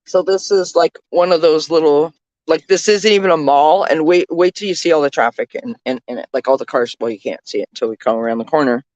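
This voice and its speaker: A woman's voice: sits low, a little fast, a little mellow, dry recording, highs cut off. A woman chatting casually from the passenger seat of a moving car, keeping up a running commentary full of fillers. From Canada. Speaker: vlogger, tarot reader. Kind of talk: casual chat while riding in a car.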